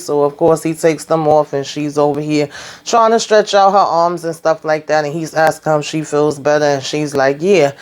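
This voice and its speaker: Chatty woman recapping a TV episode. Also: deep voice. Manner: chatty retelling, acts out quoted lines. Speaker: show recap host. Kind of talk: casual TV recap.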